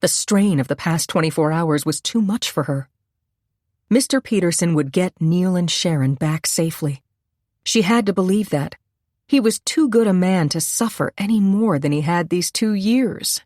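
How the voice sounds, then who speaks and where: A woman reads a suspense audiobook in a measured, steady way. Her voice sits low, and the recording is dry and close with no room sound. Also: no room sound. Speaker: audiobook narrator. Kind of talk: scripted narration.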